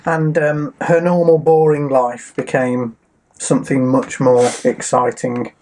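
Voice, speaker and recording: A man's voice: medium pitch, flat delivery, unhurried, darkish tone, slight background noise. A man co-hosting a casual entertainment chat show, reading out film facts with frequent ums. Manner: chatty, reads facts with filler ums. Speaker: co-host.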